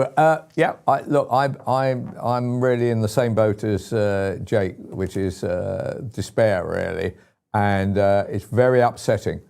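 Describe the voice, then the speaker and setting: A man's voice: fairly low pitch, gravelly, a little mellow. A man with a British accent hosting a talk radio show, rambling and exasperated, with lots of fillers and restarts. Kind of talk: opinionated talk radio chat.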